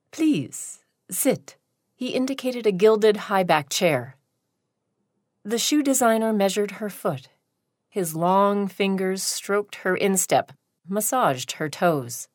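A woman narrating a short story in a slow, deliberate reading. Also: lowish voice, no echo, clean studio sound.

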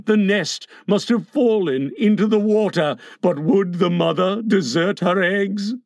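A man voicing a menacing, brooding pirate captain in a low, theatrical voice for a storybook reading. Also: unhurried, gravelly, darkish tone, dry recording, studio quality. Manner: theatrical, booming when angry.

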